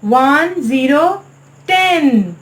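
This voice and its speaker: A woman with a Pakistani English accent teaching a nursery maths lesson in a slow, sing-song way, repeatedly calling on the class. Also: high-pitched, expressive, roomy sound, poor audio. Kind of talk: recorded online maths lesson for small children.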